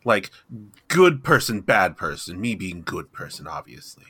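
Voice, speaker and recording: A man playing a tabletop game, chatting in a playful, animated way. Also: deep voice, unhurried, breathy edge. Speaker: player. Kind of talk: casual chat.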